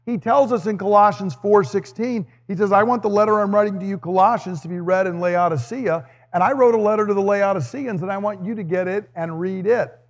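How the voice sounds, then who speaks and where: A man's voice: sits high, a little fast, few pauses. Earnest male pastor in a reverberant hall. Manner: earnest, explanatory teaching with light humor. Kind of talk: sermon with scripture reading.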